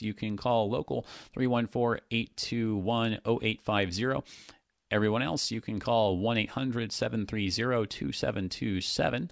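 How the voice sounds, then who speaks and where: Low-voiced pastor hosting a radio show. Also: male voice, gravelly, dry recording, clean studio sound. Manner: thinks aloud with many restarts and fillers. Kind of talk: conversational radio talk.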